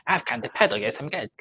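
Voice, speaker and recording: A man's voice: on the high side, sharp tone, husky, no room sound, full character voice. A man putting on a goofy voice of a cheery little bear peddler, giggling between lines. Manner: giggly, joking. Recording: dull lo-fi.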